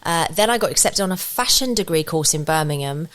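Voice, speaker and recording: A woman's voice: low-pitched, expressive, a little fast, a bit bright. A woman from England, a podcast guest, talking in a chatty, rambling storytelling way into a studio podcast mic. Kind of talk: casual podcast chat.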